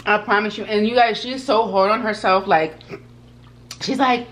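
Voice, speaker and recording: A woman's voice: mid-range voice, steady tone, moderate pace, fairly bright tone. A woman hosting a casual eating vlog, talking in an emphatic, encouraging way, like an older cousin giving advice. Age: older than 22. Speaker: food vlog host. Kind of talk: casual mukbang chat.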